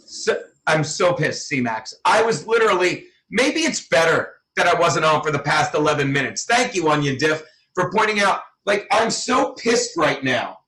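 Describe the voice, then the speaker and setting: A man hosting a livestream, ranting angrily and swearing in loud, furious outbursts from a room at home. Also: a little high, very animated, normal speed. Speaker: livestream host. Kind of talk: angry livestream rant. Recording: roomy, from a distance.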